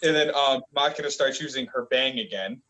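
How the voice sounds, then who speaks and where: A man's voice: mid-range voice, a little fast, sharp tone, low-quality recording. A man casually recapping manga chapters as a reviewer, rambling with lots of fillers. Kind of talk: casual chat.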